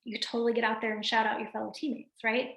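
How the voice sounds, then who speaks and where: A woman's voice: on the high side, racing, gravelly, echoey room. A woman leading a motivational team training on a video call, talking energetically and checking in with her listeners. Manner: energetic, addresses listeners directly with frequent "right?". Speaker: team coach.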